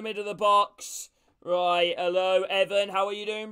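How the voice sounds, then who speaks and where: A man streaming a live watch-along, calling the match play by play and greeting viewers from chat, with bursts of excitement at chances. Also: high voice, moderate pace, clear, resonant tone. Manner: calls passes by name and greets chat viewers.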